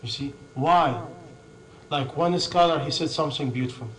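A man with a fairly high voice delivers a sermon in non-native English. He hammers home each point with long lists and quick rhetorical questions, then answers them himself. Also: fairly bright tone, poor audio. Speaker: preacher.

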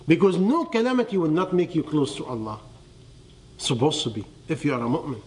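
A man with a notably high-pitched voice delivers a sermon to a live audience. He keeps quizzing his listeners with rhetorical questions and drops his voice to a near hush on the key phrases. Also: big pitch swings, a little fast. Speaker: religious teacher.

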